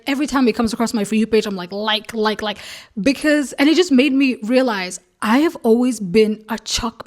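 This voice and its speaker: A young woman vlogging in casual chat, ranting animatedly with lots of fillers and laughing asides. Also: a little high.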